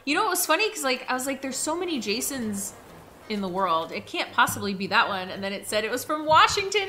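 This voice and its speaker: A woman hosting a casual live stream while gaming, gushing and excitable, with squealing bursts. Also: medium pitch, normal speed, a little hiss or hum. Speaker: streamer host.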